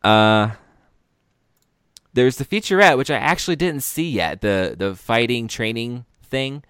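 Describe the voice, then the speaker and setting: A man's voice: mid-range voice, lively intonation, unhurried, a bit bright, clean tone, no room sound, studio quality. A man hosting a casual podcast, rambling and correcting himself in an upbeat way. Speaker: podcast host.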